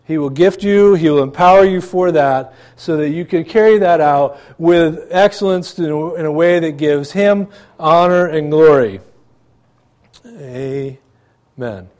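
A man's voice: on the high side, moderate pace, darkish tone. A man, a pastor, preaching a sermon in a church, conversational, with rhetorical questions and asides to the congregation.

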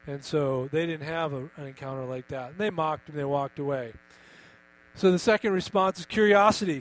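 Guy preaching a sermon, kinda high voice, really emphatic, keeps asking the congregation stuff, hum in the back. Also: normal speed, rough recording. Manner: emphatic, asks the congregation questions. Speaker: pastor.

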